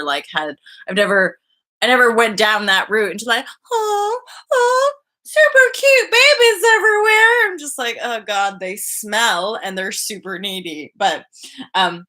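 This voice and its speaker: Bright-voiced woman rambling on a live stream. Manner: animated, sidetracking, swings into high gushing voices. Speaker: spiritual vlogger hosting a live energy update. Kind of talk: rambling casual live chat.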